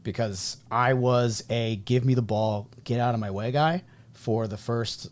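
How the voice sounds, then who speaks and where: A man in his thirties from New England, hosting a casual podcast conversation and telling stories in an animated way. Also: medium pitch, measured pace. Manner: animated storyteller, acts out quoted people. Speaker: podcast host and high school coach.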